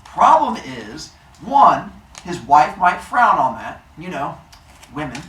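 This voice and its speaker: A man tells old myths to a live audience, playful and jokey, tossing questions out to the room. His pitch rises and falls with lively swings. The recording is echoey, from a mic some way off, with faint hiss. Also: slow pace, recorded from a distance. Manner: playful, jokey, quizzes listeners. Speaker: storyteller.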